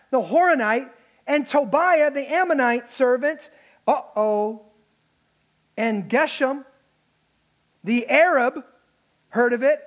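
A man preaching a sermon, animated, acting out the mocking voices of enemies. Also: very high-pitched. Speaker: pastor.

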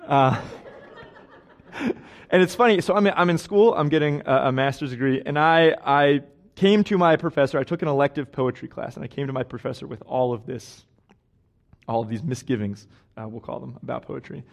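A young man gives a sermon in a church, his pitch sitting in the middle of the range. His delivery stays chatty and loose. He pokes fun at himself as he tells stories from his own life. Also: moderate pace, vocal fry. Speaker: guest preacher. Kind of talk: casual conversational sermon. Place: church sanctuary.

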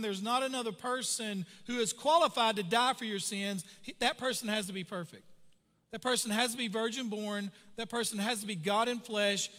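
A male pastor preaching a sermon in earnest, emphatic style, slowing down to stress key phrases. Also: sits high, sharp tone. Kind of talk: sermon with prayer. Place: church sanctuary. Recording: reverberant church hall.

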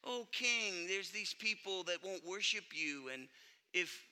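A man's voice: high-pitched, expressive, measured pace, sharp tone, clear, resonant tone, in a large hall, pitched below the performer's own voice, full character voice. A man doing a sly wheedling courtier. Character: sly scheming male royal official, sneaking and wheedling.

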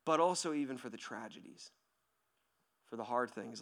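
A male pastor preaching in a lively, conversational way, often checking in with "right?" and swinging from near-shouts to hushed whispers. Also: medium pitch, moderate pace. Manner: animated, conversational, asks "right?" constantly. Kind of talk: sermon.

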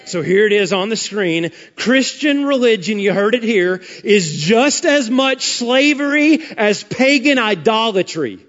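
A man preaching from a church pulpit with a high, ringing voice that drives his points home with fervor. He keeps pressing the congregation with questions and calls for an amen. The recording sounds dull and lo-fi, with a long reverb trailing through the sanctuary. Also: expressive, a little slow, few pauses, a bit bright. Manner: fiery, emphatic preaching with call-and-response questions. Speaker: pastor. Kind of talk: sermon. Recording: dull lo-fi sermon audio with long hall reverb.

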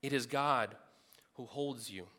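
A man's voice: mid-range voice, slow pace, sharp tone, in a large hall. A man preaching a sermon in a large room, earnest and emphatic, repeating phrases for stress.

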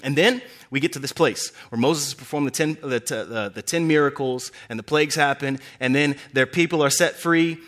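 A young man preaching a sermon, telling scripture stories with animated delivery and acting out the characters' lines. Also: a little fast, hardly any pauses. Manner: animated storytelling, acting out characters with big pitch swings.

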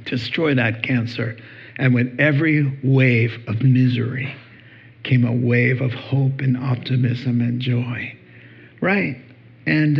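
A middle-aged pastor preaching to a congregation, lively and humorous in a conversational way. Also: male voice, mid-range voice, gravelly, husky, lo-fi sound. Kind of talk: sermon. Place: church hall before a congregation.

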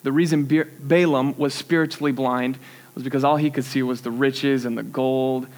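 A man's voice: medium pitch, steady tone, moderate pace, darkish tone. A young man preaching a sermon, telling a story animatedly and laughing at himself. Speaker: youth pastor.

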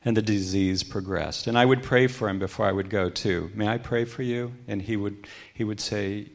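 Low gravelly man telling a personal story. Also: fairly even intonation, moderate pace. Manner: reflective storytelling, quoting others in hushed tones. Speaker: guest speaker. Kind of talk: personal testimony talk.

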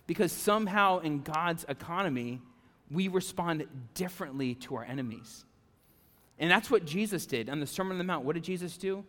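A male pastor preaching a conversational sermon, animated, with frequent "okay?" and "right?" asides to the congregation. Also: on the high side, moderate pace, big-room sound. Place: church sanctuary.

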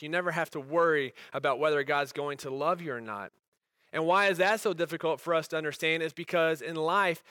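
Earnest, bright-voiced male preacher. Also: fairly high pitch, clean tone, no echo. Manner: earnest, builds to emphatic peaks then drops soft. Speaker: pastor. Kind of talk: sermon.

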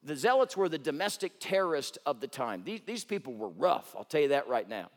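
A man's voice: a little high, sing-song, a little fast. Preacher guy telling bible stories, voice jumps all over, big echoey room. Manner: storytelling preacher, rhetorical questions, dramatic swings from loud to hushed. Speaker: pastor. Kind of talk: sermon.

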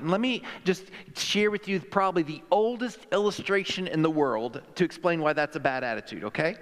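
A male pastor preaches with a slightly higher voice than most men, talking to his congregation in a loose, conversational way and leaning hard on his key points. A long reverb trails each phrase through the sanctuary. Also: animated, normal speed. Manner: emphatic, conversational, with acted-out quotes. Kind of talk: sermon. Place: church sanctuary.

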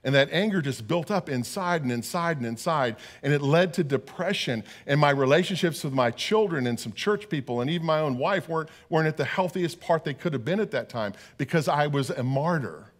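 A man's voice: a little high, animated, fairly quick, few pauses. A middle-aged man preaching a sermon as pastor, earnest and often repeating words as he talks.

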